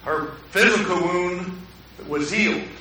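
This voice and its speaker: A pastor preaching a sermon in a conversational way, often putting questions to the congregation, in a church sanctuary. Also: male voice, sits high, slow, sharp tone, a little hiss or hum. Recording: echoey hall, mic at a distance.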